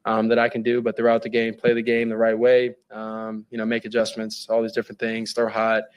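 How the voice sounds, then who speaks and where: A man answering at a press conference, halting and hesitant, with many fillers as he talks. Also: on the low side, monotone, smooth.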